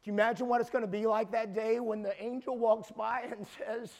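High voiced preacher guy around 60, keeps repeating himself, gets loud and shouty. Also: fairly even intonation, fairly quick. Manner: emphatic, repeats words, rises to shouting peaks. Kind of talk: sermon.

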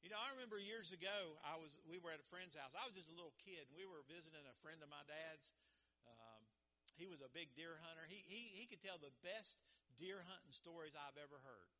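A man preaching a sermon as pastor, animated and emphatic, often restarting his phrases. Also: a little high, fairly quick.

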